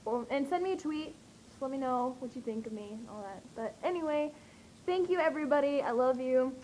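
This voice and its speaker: A young woman telling an excited vlog story, gushing and breathless, with lots of fillers. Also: high voice, brisk, heavy background noise. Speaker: vlogger.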